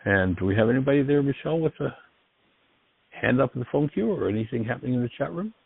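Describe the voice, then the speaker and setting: A man's voice: mid-range voice, animated, fast talker, creaky, breathy edge. A man hosting a call-in radio show, talking in an earnest, encouraging and reflective way. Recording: dry, tinny phone-like line.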